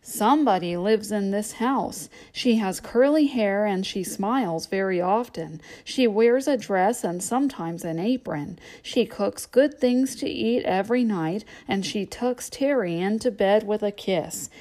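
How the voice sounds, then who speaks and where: A woman's voice: mid-range voice, lively intonation, a little slow, few pauses, a little mellow. A woman reading a children's storybook aloud as a playful guessing game.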